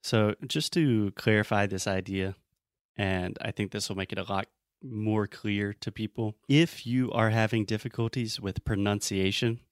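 Lower-voiced Southern American English teacher. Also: male voice, steady tone, normal speed, no echo, studio quality. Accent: mild Southern American. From Southern United States. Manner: explanatory, acts out example lines. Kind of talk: podcast conversation lesson.

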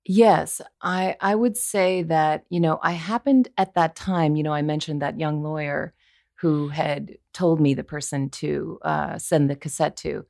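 A woman's voice: sits low, measured pace, creaky, dry recording, clean studio sound. A woman in her forties, a voiceover actor, telling a story in a conversational interview and acting out the lines she quotes. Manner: animated, acts out quoted lines.

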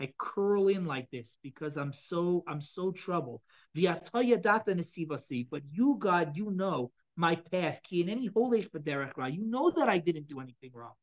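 A man's voice: fairly high pitch, highs cut off. A man teaching a Torah class on Psalms to a live audience, talking casually, repeating phrases and restarting with many fillers.

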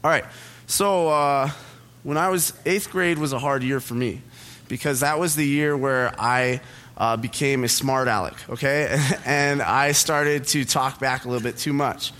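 Speaking at a measured pace in a mid-range, slightly bright voice, this young pastor tells a story about himself during a casual sermon. He's chatty and self-deprecating, chuckling at his own jokes in the church auditorium.

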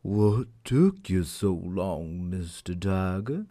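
A man voicing a slow, polite, smug male tortoise in a storybook tale. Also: deep voice, big pitch swings, mellow, no echo, studio quality, voice pushed down, full character voice.

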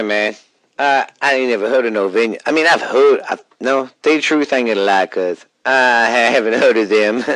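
A Louisiana man talking loose and slow on a podcast call, piling up fillers and curse words. His voice sits in an ordinary middle pitch. The sound is dry, with no room around it. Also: no room sound, low-quality recording. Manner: rambling, drawling, swears freely, many fillers. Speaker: podcast co-host. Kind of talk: casual podcast chat.

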